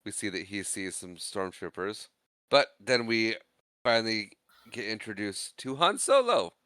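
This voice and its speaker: A man with a mid-pitched, bright, clear voice, casually recapping a film on a podcast. He quotes characters with a laugh in his voice. The sound is dry and close. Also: very animated, unhurried, no echo. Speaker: podcast co-host. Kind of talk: casual movie chat.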